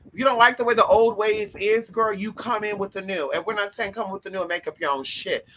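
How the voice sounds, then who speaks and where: Man, high pitched, very bright tone, sassy, profane, animated, shouty bursts, casual advice monologue. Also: brisk, slight background noise, rough recording. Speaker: host.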